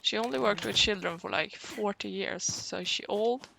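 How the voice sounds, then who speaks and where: A young woman streamer chatting casually, sarcastic, swearing freely and often clearing her throat. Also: mid-range voice, moderate pace, sharp tone, slight background noise. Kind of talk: casual livestream chat.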